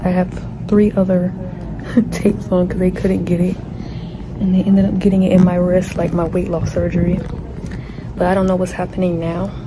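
A woman's voice: on the low side, little pitch movement, moderate pace, noisy background. A young woman vlogging from a hospital bed before surgery, nervous and chatty, talking to viewers on her phone. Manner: nervous, chatty, says y'all. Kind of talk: casual phone vlog. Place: hospital pre-op room. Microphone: phone camera.

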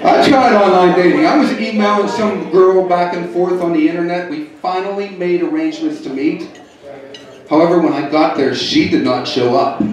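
Deadpan comedian in an echoey club. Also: male voice, sits high, normal speed, far from the mic. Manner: deadpan, teasing the crowd. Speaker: stand-up comedian. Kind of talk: stand-up comedy set. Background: audience laughing.

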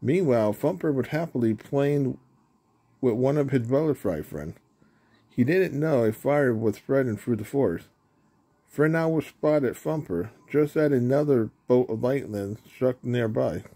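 A man reading a children's story aloud, unhurried, with small slips and restarts. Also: mid-range voice, expressive, mellow, husky. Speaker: storybook reader.

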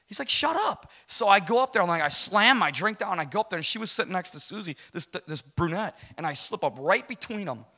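A man's voice: high voice, lively intonation, fast talker, hardly any pauses, bright, forceful tone. A man in his forties giving a rambling, self-deprecating personal testimony to a congregation. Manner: rambling, self-deprecating storytelling with many restarts. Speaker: guest speaker giving testimony.

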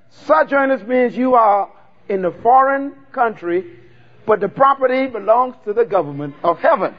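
High-voiced man preaching. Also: animated, lo-fi sound. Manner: call-and-response preaching, drawn-out emphatic words. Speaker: pastor. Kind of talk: sermon.

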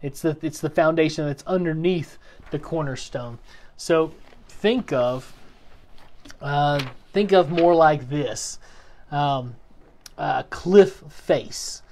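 A man teaching a Bible class in a relaxed, explanatory way, with plenty of fillers and restarts. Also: fairly high pitch, slow pace. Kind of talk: casual teaching talk. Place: church classroom.

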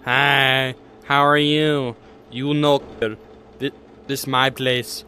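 A man's voice: mid-range voice, flat delivery, very slow, bright, forceful tone, a little hiss or hum. A young man giving jokey commentary while playing a horror game, talking to the characters and yelping when startled. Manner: jokey, talks to the game characters, jumpy yelps. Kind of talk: casual let's-play commentary. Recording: music playing behind the voice.

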